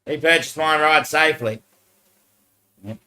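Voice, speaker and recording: A man's voice: fairly high pitch, a little slow, pushed and bright, rough recording. A man speaking to viewers into a handheld microphone in a disjointed, rambling monologue. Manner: disjointed, loosely connected talk.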